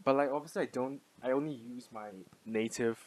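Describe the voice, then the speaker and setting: A man's voice: medium pitch, fairly even intonation, brisk, rough recording. A young man from Singapore with a light Singaporean English accent, musing unscripted to camera, full of "like" fillers and restarts. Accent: mixed, light Singaporean English. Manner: rambling, many "like" fillers and restarts. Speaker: vlogger.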